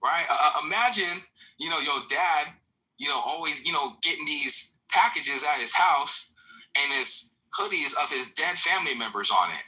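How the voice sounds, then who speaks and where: A man's voice: on the high side, lively intonation, normal speed, sharp tone, low-quality recording. A man in a heated audio chat room, taunting and cursing aggressively. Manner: aggressive, taunting, heavy profanity.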